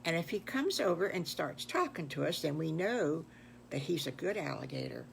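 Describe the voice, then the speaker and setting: A woman's voice: mid-range voice, animated, a little slow, fairly bright tone, slight background noise, voice pushed up. Grandmother doing a sweet mother pig. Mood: hushed. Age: older. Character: motherly pig, cheerful and gentle.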